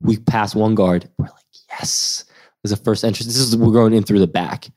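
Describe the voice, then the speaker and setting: A man's voice: fairly low pitch, steady tone, fairly quick, a little mellow. A man in his twenties, a guest on the show, telling a story in casual chat and acting out the voices of the people in it.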